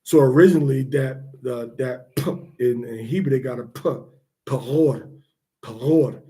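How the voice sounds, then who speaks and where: A man teaching the pronunciation of scripture words, repeating each sound slowly to demonstrate it. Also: medium pitch, warm tone.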